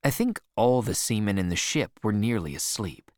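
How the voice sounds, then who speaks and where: A man narrating an adventure story as a scripted audiobook, expressive and measured. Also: lowish voice, no room sound, clean studio sound.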